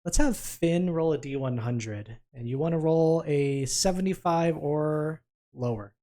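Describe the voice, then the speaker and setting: A man's voice: fairly high pitch, mellow. A man acting as game master, calling for dice rolls and narrating what happens. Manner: brisk, calls for dice rolls and narrates results.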